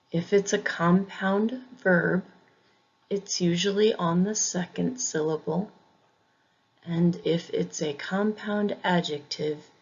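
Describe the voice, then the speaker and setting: A woman teaching English pronunciation in a scripted lesson, saying each example word twice in a deliberate way. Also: lowish voice, gravelly, breathy edge, lo-fi sound.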